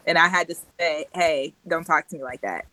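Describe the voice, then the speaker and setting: A woman's voice: low-pitched, normal speed, sharp tone, low-quality recording. A woman in a casual group chat, thoughtful and direct.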